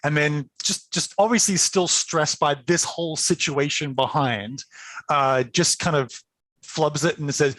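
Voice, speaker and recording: A man running a tabletop game, narrating scenes and explaining rules with chatty enthusiasm and many fillers. His voice sits a bit high for a man and is recorded dry, with no room sound. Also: measured pace, fairly bright tone, dry recording. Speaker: game master.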